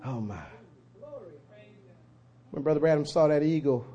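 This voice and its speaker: A man preaching a sermon, telling a story with fervor and swelling to shouts. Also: on the high side, measured pace, lo-fi sound.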